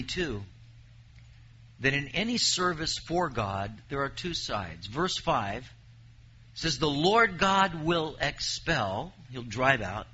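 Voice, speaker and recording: A man's voice: mid-range voice, bright, forceful tone, slight background noise. Guy preaching, reads bible verses out, pushes each point hard, bit muffled lo-fi sound. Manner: emphatic preaching, reads scripture aloud. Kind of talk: sermon.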